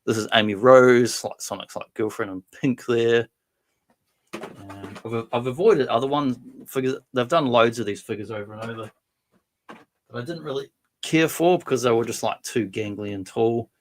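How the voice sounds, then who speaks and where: A man's voice: medium pitch, moderate pace, a little hiss or hum. A man hosting a casual live stream about his toy collection, rambling along and answering viewer comments.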